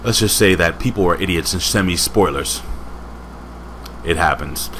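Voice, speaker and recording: A man's voice: low voice, moderate pace, fairly bright tone, slight background noise. A man casually reviewing a wrestling show, rambling with joking asides and chatting to a friend off camera.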